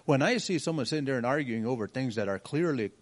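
A man's voice: mid-range voice, lively intonation, quick pace. A man in a church class earnestly sharing his views, searching for his words as he goes. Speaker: class member.

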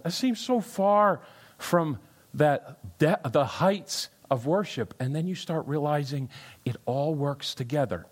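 A man preaching a sermon in a church, animated, quoting scripture with sudden rises in pitch and volume. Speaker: pastor. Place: church sanctuary.

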